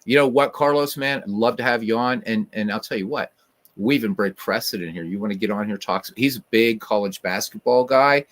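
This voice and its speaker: Rambling male podcast host, low voice. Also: fairly quick, a bit bright. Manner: rambling, goes off on tangents. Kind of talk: casual chat.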